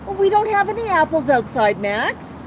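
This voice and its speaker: A woman hosting a live stream from her patio, gently soothing her pet bird as if talking to a small child. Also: very high-pitched, big pitch swings, moderate pace. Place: outdoor patio by a street. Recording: outdoor street traffic noise.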